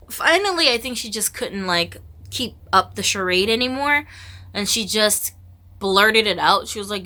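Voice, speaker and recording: A woman vlogger with a bright, ringing voice tells a personal story. She speaks casually and leans heavily on "like." She animates the remembered conversations as she goes. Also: medium pitch, unhurried. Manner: casual and chatty, heavy use of "like"; animated, acts out quoted dialogue. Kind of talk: storytime vlog.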